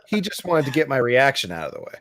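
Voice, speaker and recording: A young man playing a tabletop game, animated and jokey, playing up his character's fear. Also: fast talker, crowd noise. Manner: animated, jokey, swoops in pitch. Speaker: player. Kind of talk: casual tabletop play.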